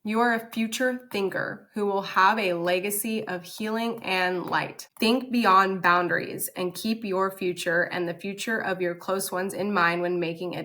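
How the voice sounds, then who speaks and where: Reading aloud from oracle cards and chatting in between, a young woman who makes spiritual content delivers an enthusiastic, casual reading. She has a fairly low, bright voice with a forceful tone.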